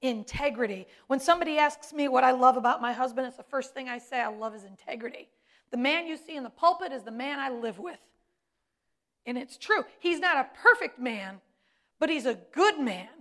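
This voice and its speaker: A woman preaches from the pulpit in a high, bright-sounding voice. She leans hard on single words, repeating them for emphasis. Her delivery is warm, personal and sermon-paced. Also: expressive, brisk. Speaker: preacher, pastor's wife.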